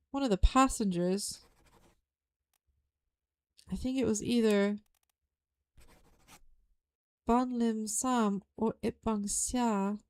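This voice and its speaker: High-voiced woman streaming a puzzle game. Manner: excitable, thinks aloud, repeats her own phrases. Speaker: VTuber streamer. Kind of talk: live game stream commentary.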